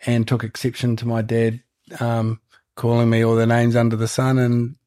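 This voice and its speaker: A man with a New Zealand accent, a guest on a podcast, telling long rambling stories in a relaxed, casual way. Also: medium pitch, moderate pace, no echo, clean studio sound. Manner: rambling, laid-back, laughs while telling stories. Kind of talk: casual storytelling.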